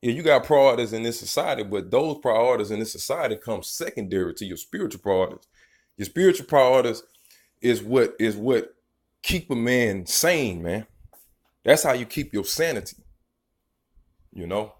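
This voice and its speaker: A man's voice: mid-range voice, expressive, normal speed. A man preaching an informal, profane sermon. He reads scripture verses, then riffs on them in a rambling, emphatic way and keeps tagging lines with "man". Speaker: street preacher.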